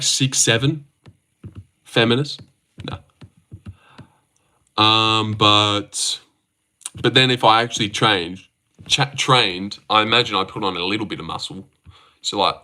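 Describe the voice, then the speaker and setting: A young man with a bright, forward voice talks casually on a livestream. He reads viewers' comments out loud and answers them with easygoing, joking banter. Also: on the low side. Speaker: livestream host. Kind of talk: casual live-stream chat.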